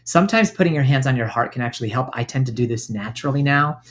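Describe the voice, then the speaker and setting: Gentle self-help podcast man. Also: mid-range voice, lively intonation, fast. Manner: gentle, coaching, acts out inner voices in quotes. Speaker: podcast host.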